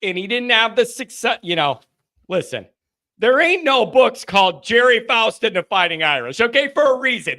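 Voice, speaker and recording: Brief: male fan-show host, high sharp voice, casual live-stream chat, animated sarcastic rants.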